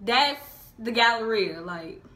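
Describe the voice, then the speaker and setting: A woman's voice: fairly high pitch, lively intonation, takes it slowly, bright, forceful tone, a little hiss or hum. A young woman from Houston with a Southern Houston accent, chatting casually about local slang in a vlog, laughing often and saying "like" a lot. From Houston, Texas. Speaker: vlogger.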